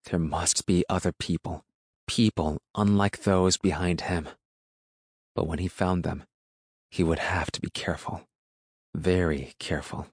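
A man narrating an audiobook in a steady, measured way. His voice is very low and deep. The recording is dry, with no room sound. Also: no room sound. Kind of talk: scripted narration.

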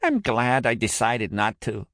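A man's voice: mid-range voice, animated, a little fast, fairly bright tone, dry recording, voice pushed up, close to an everyday voice. A man voicing a curt, dry young woman teammate with a Bronx accent, in a storybook reading.

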